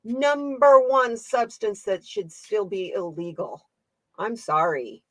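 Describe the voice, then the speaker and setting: A woman's voice: mid-range voice, animated, slow pace, a bit bright, no room sound. A woman hosting a casual live-stream tarot reading, chatting with her viewers, laughing often and reading their comments aloud. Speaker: tarot reader and channel host.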